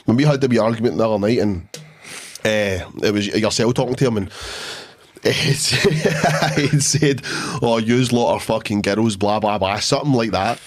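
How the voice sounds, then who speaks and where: A man's voice: fairly low pitch, measured pace. Sweary Scottish man telling a story. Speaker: podcast co-host. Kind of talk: casual chat.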